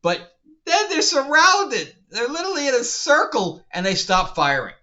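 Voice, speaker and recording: A man's voice: very high voice, very animated, measured pace, bright, forceful tone. A man reviewing a TV show in a casual rant, sounding incredulous and exasperated and often laughing. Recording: dull lo-fi sound.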